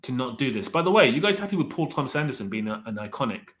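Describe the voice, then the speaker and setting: A man's voice: medium pitch, big pitch swings, rapid-fire, a bit bright. A man casually chatting on a livestream, reading the chat aloud and rambling while he corrects himself as he ranks directors. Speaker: streamer ranking directors with live chat.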